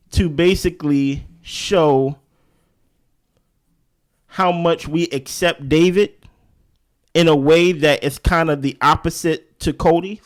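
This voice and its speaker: A man co-hosting a TV recap show, arguing his points animatedly and repeating them for emphasis. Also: a little high. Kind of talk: casual reaction chat.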